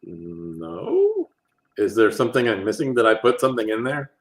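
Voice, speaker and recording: A man answering fan questions on a casual livestream, rambling and relaxed with plenty of fillers. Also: mid-range voice, fast talker.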